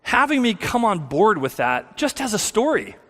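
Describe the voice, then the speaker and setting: A man's voice: high-pitched, big pitch swings, normal speed, sharp tone. A man giving a candid, self-deprecating personal testimony as a guest speaker in a church, with many restarts. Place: church sanctuary. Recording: long hall reverb.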